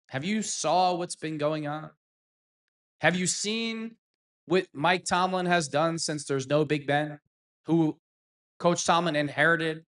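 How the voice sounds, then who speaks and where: A man's voice: on the high side, fairly bright tone. A man hosting a fan reaction show, ranting heatedly and sarcastically at sports pundits. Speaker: sports commentary host.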